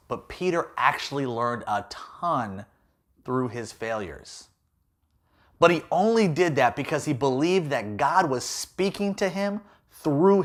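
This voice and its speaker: A man's voice: fairly high pitch, fairly bright tone. A man giving a playful, jokey youth talk as a youth pastor.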